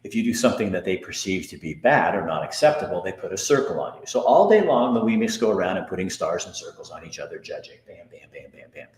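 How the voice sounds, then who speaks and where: A middle-aged man speaks in a very low voice, hosting a personal monologue. He is earnest and moves between heated anger and soft, hushed moments. The room around him has a noticeable echo. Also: very animated, quick pace, hardly any pauses. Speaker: host.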